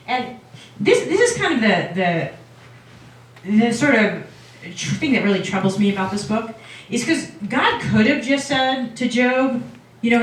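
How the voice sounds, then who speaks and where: A woman rabbi giving a casual, lively lecture, retelling a story to an audience. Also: medium pitch, moderate pace. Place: lecture room. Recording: echoey hall from far off.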